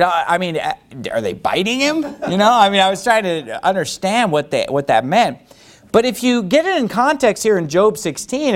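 A man preaching a sermon with a fairly high voice. He delivers it in an animated, emphatic way, now and then growling through his teeth to act out anger. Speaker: pastor.

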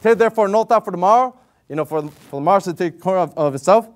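High-voiced man preaching earnestly. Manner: earnest and conversational, rising to emphatic stresses; reads scripture in slow, measured King James cadence. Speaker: lay preacher. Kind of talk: sermon.

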